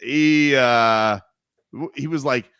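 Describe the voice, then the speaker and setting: A man's voice: mid-range voice, slow pace, a bit bright, clear, resonant tone, dry recording, studio quality. A man hosting a sports radio show, teasing his co-hosts and joking in casual banter. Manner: playful, teasing, puts on goofy voices.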